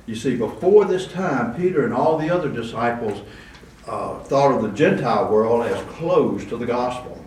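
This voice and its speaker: A man's voice: mid-range voice, animated, normal speed, darkish tone. A man preaching a conversational sermon, with asides and restarts, recorded in a church. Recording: roomy echo, distant mic, faint room noise.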